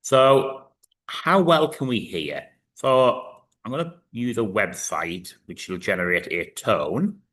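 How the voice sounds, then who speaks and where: A man's voice: on the low side, animated, slow, fairly bright tone. A man in his thirties teaching a recorded physics lesson, explaining step by step with frequent fillers. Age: 30s.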